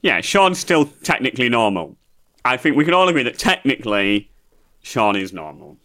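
English comic, wry and needling, sharp bright tone, pitch moves a lot. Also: male voice, very animated, normal speed. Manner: teasing, wry asides. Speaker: comedy podcast co-host. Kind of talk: casual comedic banter.

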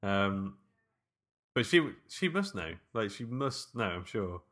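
A man's voice: lowish voice, big pitch swings, takes it slowly, fairly bright tone. A man co-hosting a casual film commentary chat, rambling with fillers and frequent laughter. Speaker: podcast co-host.

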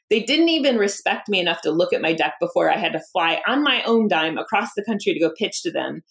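A woman's voice: medium pitch, expressive, moderate pace, hardly any pauses. A woman in her thirties, a company founder, telling her story candidly in an interview, acting out quoted dialogue and laughing often. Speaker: founder and guest.

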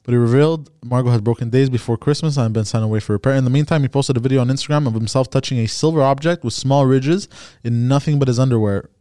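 A man with a warm, dark voice, reading and chatting at a quick clip in a wry, deadpan way. The sound is dry and close. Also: mid-range voice, dry recording. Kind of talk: casual chat, reading a news story aloud.

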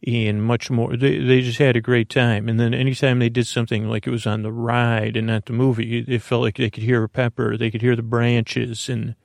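A man telling a bedtime story, wandering from thought to thought with plenty of uhs and false starts. His voice is gravelly, with a dry, close sound and no room around it. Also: mid-range voice, flat delivery, moderate pace, hardly any pauses, dry recording. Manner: rambling, meandering, full of uhs and restarts. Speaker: storyteller host.

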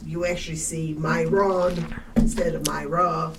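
A woman's voice: low-pitched, little pitch movement, unhurried, recorded from a distance, noisy background. A woman co-hosting a casual film podcast, blunt and profane, answering in short bursts. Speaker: podcast co-host.

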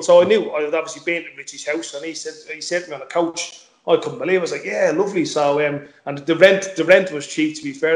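A man's voice: a little high, fairly bright tone, roomy sound. A middle-aged man, a former footballer chatting as a guest, repeating words and swearing casually. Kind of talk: casual interview chat.

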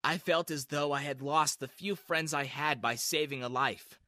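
A man reading a first-person story in a lively, expressive way. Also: on the high side, moderate pace, no room sound, clean studio sound.

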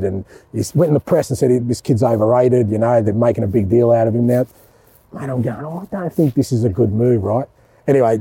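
A man's voice: medium pitch, warm tone, breathy edge, no echo. A middle-aged Australian man, a football manager, chatting casually and animatedly, often calling people mate. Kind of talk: casual chat.

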